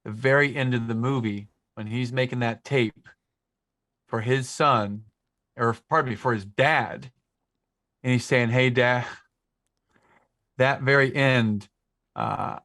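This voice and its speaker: A man's voice: mid-range voice, a bit bright, no echo. A talkative man in his forties speaks as a podcast guest. His voice sits in the middle range and is recorded dry and close, with nothing around it. He drifts from story to story and gets emotional along the way. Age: 40s. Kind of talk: casual conversation. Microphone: podcast microphone.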